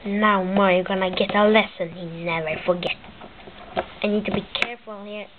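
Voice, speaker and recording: A woman's voice: medium pitch, normal speed, natural voice. A woman voicing a childish, spiteful male plumber who plots against his brother, speaking broken English over a tinny, hissy line. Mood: scheming. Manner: broken English, excitable narration of a toy skit. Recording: tinny lo-fi with loud hiss.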